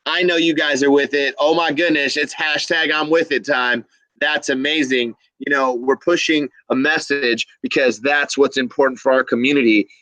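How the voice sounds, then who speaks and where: A man's voice: medium pitch, steady tone, moderate pace, bright, forceful tone, no room sound, low-quality recording. A man hosting a casual livestream, upbeat and enthusiastic, reading viewer comments aloud. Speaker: livestream host.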